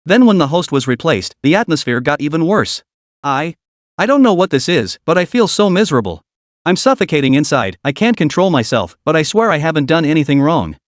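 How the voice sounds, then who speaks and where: A man's voice: a little high, sing-song, brisk, dry recording, clean studio sound. A man voicing a timid, scheming young female student in a story recap, hesitant and trembling.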